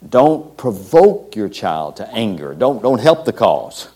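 A man preaching, retelling a pastor's story with scripture quotes, speaking haltingly with many fillers and restarts. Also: fairly low pitch, sing-song, dark tone. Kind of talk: sermon storytelling.

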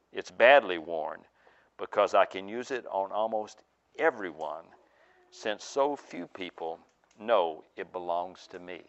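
A man's voice: lowish voice, fairly bright tone, clean tone. Sly boastful devil read by a male preacher, plain everyday voice, muffled lo-fi sound. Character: sly male devil selling his tools.

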